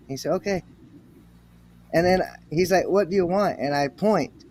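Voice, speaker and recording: An American man chatting casually, telling a story and acting out quotes in an animated way. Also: high voice, unhurried, long pauses, a little hiss or hum. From United States. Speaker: livestream guest. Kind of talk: casual chat.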